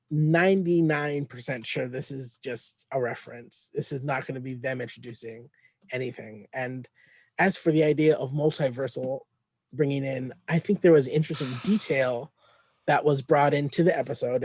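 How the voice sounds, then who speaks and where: A man's voice: medium pitch, darkish tone, no room sound. A man co-hosting a casual podcast, explaining his take at length and arguing his point. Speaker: podcast co-host.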